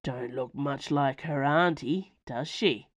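A woman voicing a burly, cruel male werewolf thug with a low rumbling voice. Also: slow pace, no room sound, heavily acted. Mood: mocking.

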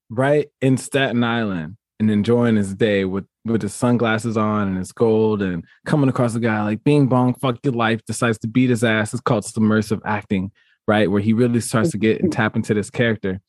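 A man's voice: fairly low pitch, moderate pace, darkish tone, dry recording, studio quality. A young man hosting a casual show, steering a game with friends and teasing them with plenty of swearing. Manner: directs the game, profane and teasing. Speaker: podcast host.

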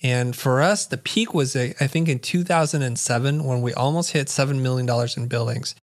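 Middle-aged man telling a lively story. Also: mid-range voice, a little fast. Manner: vivid storyteller who acts out quoted dialogue. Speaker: interview guest. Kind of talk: animated storytelling in conversation.

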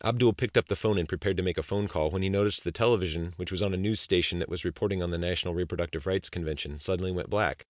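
A man narrates a suspense novel in a deep, low voice. His delivery is steady and measured. The recording is dry and close, with no room sound. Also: no room sound. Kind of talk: scripted audiobook narration.

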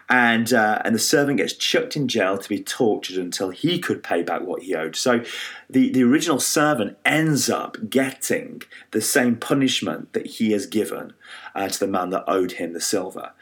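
A man preaching a sermon, retelling a parable with lively storytelling, frequent fillers and restarts. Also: lowish voice, normal speed. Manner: animated storytelling with many fillers and restarts, acting out quoted voices.

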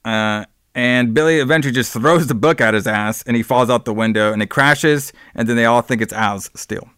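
Dude recapping a movie on a podcast, sarcastic, does little character voices, dry close sound. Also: male voice, medium pitch, a bit bright, smooth, no room sound. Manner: sarcastic, acts out characters in quick bits. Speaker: podcast co-host.

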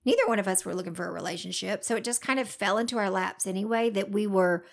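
A woman joins a casual couple's chat, teasing her partner with playful jabs and a ready laugh. Her voice has a gravelly fry through it. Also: medium pitch, fast talker.

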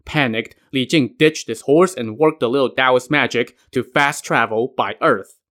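A man's voice: mid-range voice, unhurried, fairly bright tone. A man narrating a myth retelling in a casual way, with wry modern asides. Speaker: podcast narrator.

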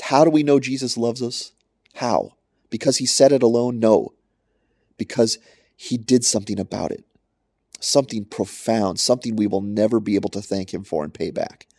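A man's voice: lowish voice, darkish tone, no room sound. A man preaching a short podcast sermon into a close mic, emphatic and repeating his points for stress. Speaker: pastor.

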